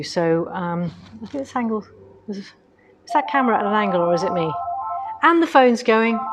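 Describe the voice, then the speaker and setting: In a mid-range voice, with a little hiss or hum on the recording, a middle-aged woman hosting a quilting shop livestream chats casually from an indoor quilting machine showroom. She rambles with asides while moving her camera around on its tripod.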